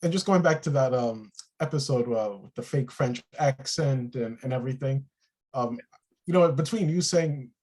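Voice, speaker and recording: A man co-hosting a casual TV review chat, relaxed and thinking aloud with many pauses and fillers. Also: mid-range voice. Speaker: co-host of a TV review show.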